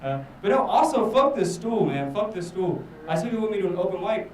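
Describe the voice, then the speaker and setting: A man's voice: sits high, big pitch swings, brisk, darkish tone, echoey room, recorded from a distance, a little hiss or hum, poor audio. A man doing a rambling, self-mocking stand-up set, swearing a lot. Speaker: stand-up comedian. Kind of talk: stand-up set at a live show.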